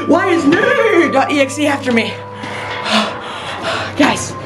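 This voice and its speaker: A woman's voice: sits high, sing-song, takes it slowly, loud music behind the voice. A woman YouTuber hosting a comedic horror-challenge vlog, shrieking and laughing in exaggerated mock terror. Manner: mock-terrified, melodramatic, yelling and cackling.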